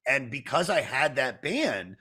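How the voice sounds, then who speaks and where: Chatty podcast host who laughs easily. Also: male voice, mid-range voice, sing-song, unhurried, bright, forceful tone, husky. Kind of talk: casual podcast chat.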